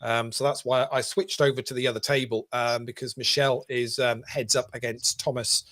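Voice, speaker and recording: A man co-hosting a chat show, giving relaxed updates on play and talking around plenty of pauses. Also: mid-range voice. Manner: relaxed, many ums and uhs while updating scores. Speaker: co-host. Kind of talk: casual show commentary.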